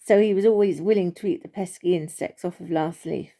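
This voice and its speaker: A woman reading a children's storybook aloud in a gentle, unhurried way, with small slips and restarts. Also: on the low side, gravelly.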